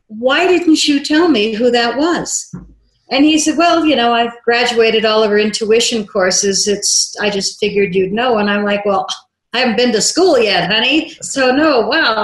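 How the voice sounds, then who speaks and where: A woman guest tells her story with animated energy, acting out each line of dialogue she quotes. Her voice sits fairly high, and the recording rings with a roomy echo. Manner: lively, acts out quoted dialogue. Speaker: interview guest, filmmaker.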